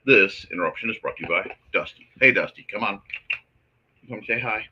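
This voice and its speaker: A man hosting a casual livestream, chatting to his audience and softly talking to his cat while he draws. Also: on the low side, a little fast, lo-fi sound, slight background noise. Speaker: host.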